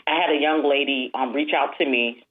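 A woman guest in an interview, telling her story in an animated way and acting out the quoted dialogue in a higher voice. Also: fairly quick. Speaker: guest, alopecia support group founder. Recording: phone-line sound.

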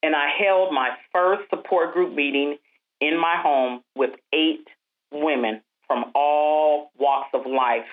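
A low-voiced woman tells her story as an interview guest. She is animated and lifts her voice to act out the people she quotes. Her voice comes through a narrow, tinny phone line. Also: takes it slowly. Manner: animated storyteller, acts out quoted dialogue in a higher voice. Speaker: guest, alopecia support group founder.

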